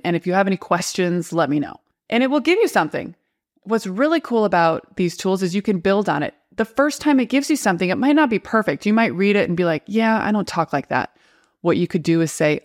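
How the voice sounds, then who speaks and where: A woman in her thirties hosting a podcast, talking casually and playfully while acting out quick snippets of dialogue. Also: mid-range voice. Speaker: HR podcast host. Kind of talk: casual explainer talk.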